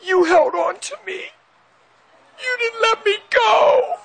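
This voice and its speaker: A man voicing his frail wife just out of a coma, speaking in a weak, high, breathy whisper. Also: brisk, natural voice. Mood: tearful.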